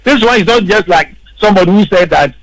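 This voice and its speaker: This high-voiced man talks fast with lively intonation and a fairly bright tone, captured in a rough recording. He's a political commentator on a radio studio panel, pressing his arguments hard and repeating words for emphasis.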